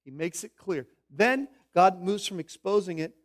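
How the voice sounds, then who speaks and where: A man with a notably high speaking voice preaches a sermon from the pulpit. He swings between loud, pressing emphasis and hushed asides, sometimes drifting away from the mic. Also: expressive, moderate pace. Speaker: pastor.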